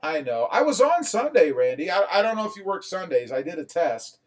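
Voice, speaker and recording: Lively man reading viewer comments aloud. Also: sits high, a little fast. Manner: reads viewer comments aloud and chats back; animated, rising when excited. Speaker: live stream host. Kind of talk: casual live stream chat.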